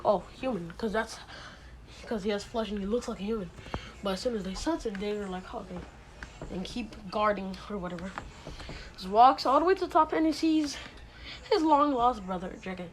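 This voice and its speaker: A woman's voice: medium pitch, low-quality recording. A woman casually retelling a made-up fantasy story, rambling with many fillers, restarts and asides.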